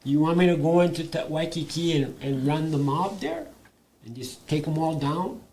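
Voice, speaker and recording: An older man, a guest elder and artist telling stories in a live panel conversation, animated and laughing between points. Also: fairly high pitch, moderate pace. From Hawaii.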